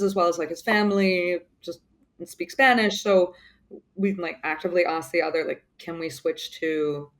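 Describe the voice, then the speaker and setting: A woman guest in a casual interview, chatty, with many fillers and frequent laughs. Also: medium pitch. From born in the US, grew up mainly in the UK.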